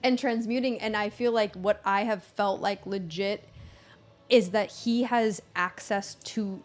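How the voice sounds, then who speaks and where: As a podcast guest, a woman chats in an animated, casual way, laughing often, swearing freely, and trailing off mid-thought. Her voice is mid-range and unhurried.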